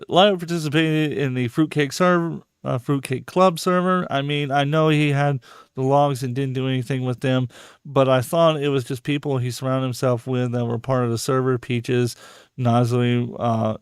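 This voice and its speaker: Male podcast host, heated profane rambling delivery, crisp tone, dry sound. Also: mid-range voice, steady tone, moderate pace, dry recording. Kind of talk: casual live podcast chat.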